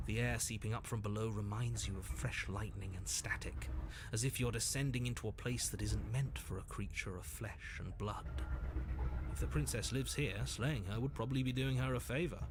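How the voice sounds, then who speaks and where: A man voicing the narrator of a video game, measured and matter-of-fact. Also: fairly low pitch, noisy background, natural voice. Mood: calm.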